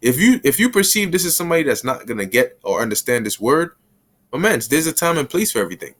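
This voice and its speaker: A man giving a conversational Bible lesson in casual street slang, breaking into quick little acted scenes. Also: on the high side, big pitch swings, fairly bright tone. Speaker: bible teacher.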